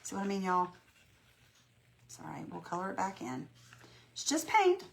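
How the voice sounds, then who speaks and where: Chatty woman with a gravelly low voice. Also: a little fast, fairly bright tone. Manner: chatty, folksy, greets viewers by name, self-reassuring. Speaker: craft livestream host. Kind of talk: casual live painting tutorial.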